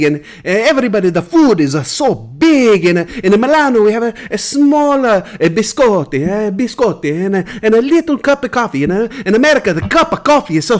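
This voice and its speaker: A boastful Milanese man, put on by a male streamer gushes in a thick put-on Italian accent, his voice pushed well above its usual pitch. He gropes for English words and stretches his comparisons into a sing-song. The bit plays as broad live comedy. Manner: halting, searching for English words.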